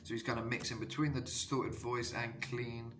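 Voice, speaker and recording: A man in the middle of his range talks through a casual singing lesson as a vocal coach. He rambles and restarts, leaning on fillers. A steady background noise runs under the recording. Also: mid-range voice, normal speed. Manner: rambling, filler-heavy, bursts into sung demos.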